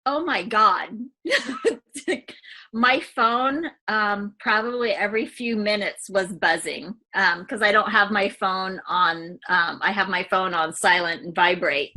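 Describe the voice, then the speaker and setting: Woman client giving an emotional testimonial, bright voice, many fillers. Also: mid-range voice. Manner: halting, many fillers, tearful at times.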